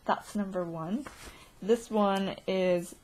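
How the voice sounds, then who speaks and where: A woman vlogging a casual video diary, excitable and giggly, rambling from one thought to the next. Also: medium pitch, takes it slowly.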